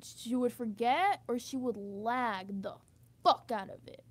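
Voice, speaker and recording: A woman's voice: on the high side, unhurried, breathy edge. A young woman in an emotional venting monologue, frustrated and blunt, swearing freely and restarting her sentences as she rambles. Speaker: vlogger.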